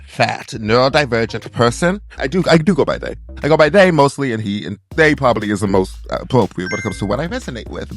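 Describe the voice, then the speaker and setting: A young American man vlogging his life story, expressive and dramatic, jumping into high voices. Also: gravelly. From United States. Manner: animated, dramatic, leaps into high voices for quotes. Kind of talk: personal storytelling monologue.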